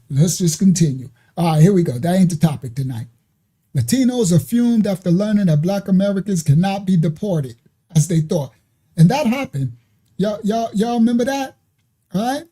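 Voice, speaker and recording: A man's voice: sits high, mellow, breathy edge. A man hosting a religious channel, chatting and laughing through reaction commentary with preacherly asides.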